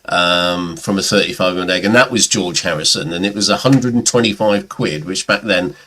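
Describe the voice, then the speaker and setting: A man's voice: low-pitched, fairly quick, pushed and bright. A middle-aged man chatting casually on a livestream, telling rambling anecdotes and sometimes mimicking other people's voices. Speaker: guest. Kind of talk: casual chat about records. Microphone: webcam or computer mic on a livestream.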